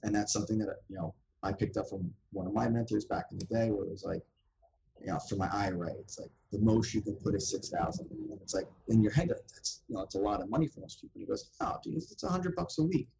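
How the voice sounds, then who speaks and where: A man's voice: on the low side, quick pace, vocal fry, background noise. A man talking as a podcast guest in casual chat, telling stories and acting out the voices of people he quotes. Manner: animated storyteller who acts out quoted voices.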